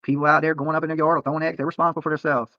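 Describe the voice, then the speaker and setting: A man's voice: a little high, flat delivery, rapid-fire, no echo, dull audio. A man streaming live from a roadside near a protest, talking to viewers in a profane, rambling and defensive way, often tacking on "okay?". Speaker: livestreamer. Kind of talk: livestream rant to viewers.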